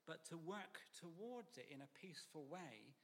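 A man preaching a sermon in a church, measured and emphatic, sometimes dropping to a near whisper. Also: fairly high pitch, lively intonation, creaky, big-room sound.

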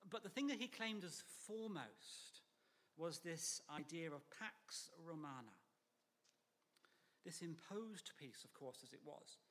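A man preaching a sermon in a church, measured and emphatic, sometimes dropping to a near whisper. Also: a little high, animated, fairly bright tone, long reverb tail.

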